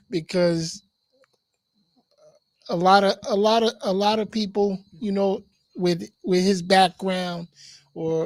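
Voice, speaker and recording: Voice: medium pitch, no echo. A host in casual interview chat, giving short encouraging reactions and speaking with some repeated words.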